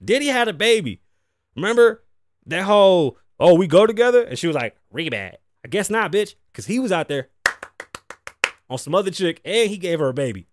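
Male podcast host, higher voice, dead-dry close mic, profane hot-headed rant delivery. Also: big pitch swings, brisk, no room sound. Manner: profane, heated, swings loud and quiet. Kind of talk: ranting commentary.

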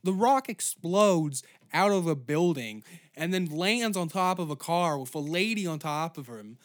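A man's voice: a little high, expressive, unhurried. A man from Canada hosting a comedy podcast, rambling through a crude, absurd monologue. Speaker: podcast host.

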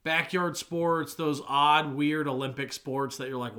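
A man co-hosts a laid-back podcast in a fairly high, bright voice. He argues his picks in an animated way and now and then raises his voice in loud protest. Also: a little slow. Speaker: podcast co-host. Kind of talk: casual chat.

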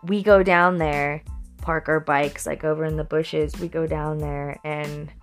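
A woman from Colorado spins stories from her past in an easy, unhurried way, stretching her words out. She laughs often and swears freely, with a mischievous streak. Faint music plays quietly underneath. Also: deep voice, fairly even intonation. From Colorado, USA. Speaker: storyteller recalling her youth. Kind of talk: casual personal anecdote.

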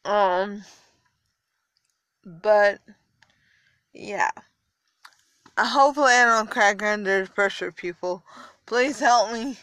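Tired young woman rambling on her podcast, slow and halting, dry close sound. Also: medium pitch, fairly bright tone, no echo. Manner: rambling, halting, frequent fillers and restarts. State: a little tired. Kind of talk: casual solo podcast talk.

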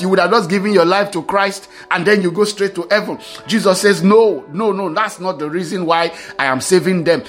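High-voiced man preaching a sermon. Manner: emphatic, repeats key phrases, reads scripture aloud.

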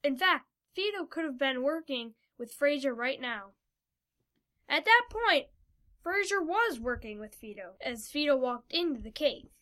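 Woman narrator, high and bright, steady read-aloud style. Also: unhurried. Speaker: story narrator. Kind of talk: storybook narration.

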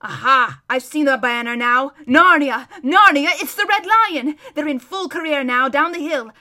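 A woman's voice: sits high, animated, moderate pace, pushed and bright. A woman voicing an old male hermit who describes a distant battle as a vivid, emphatic running commentary. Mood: excited.

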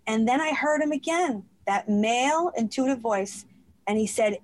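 A woman with a bright, high voice tells a heartfelt personal story. She is animated and slips into the voices of the people she quotes. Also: normal speed. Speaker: guest.

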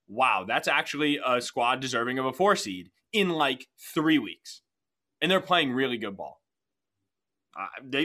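Bright-voiced man, playful sports co-host. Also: mid-range voice. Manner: playful, teasing. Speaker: podcast co-host. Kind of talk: casual sports chat.

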